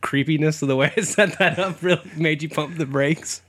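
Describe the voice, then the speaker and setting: A man's voice: fairly high pitch, moderate pace, fairly bright tone. A young man co-hosting a comedy podcast in casual chat, loose and joking, laughing often, his voice slightly sick. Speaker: podcast co-host.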